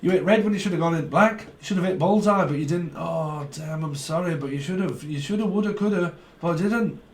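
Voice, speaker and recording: A man's voice: a little high, brisk, reverberant, a little hiss or hum, natural voice. A man putting on the voice of a teasing male TV game-show host who mocks a losing contestant in a showy, repetitive way. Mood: mocking.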